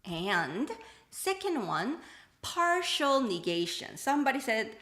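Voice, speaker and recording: A woman teaching a live-streamed language lesson, animated and acting out example dialogues as she switches between English and Korean. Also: mid-range voice, a little slow, reverberant.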